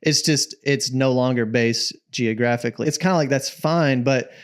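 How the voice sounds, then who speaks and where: A man's voice: mid-range voice, moderate pace, clean tone. A man co-hosting a parenting podcast, reflecting and thinking aloud in casual conversation. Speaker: podcast co-host.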